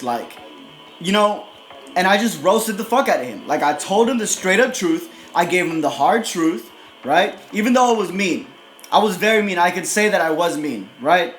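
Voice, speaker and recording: A man's voice: high-pitched, lively intonation, normal speed, a bit bright. A man giving a casual motivational monologue, blunt and profane, who ends almost every sentence with "right?". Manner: profane, repeats "right?" constantly; blunt and aggressive. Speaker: motivational video host. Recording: echoey room with music behind.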